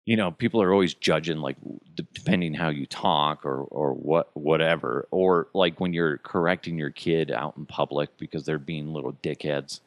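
With a rumbling low voice and moderate pace, this middle-aged man hosts a podcast and grumbles about daily irritations. His exasperated venting is profane and punctuated by chuckles, with no room sound in the recording.

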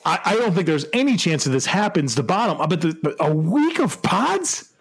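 Animated, laughing podcast co-host man. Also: high voice, moderate pace, husky. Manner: animated, laughs often, hesitant restarts. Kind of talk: casual sports podcast chat.

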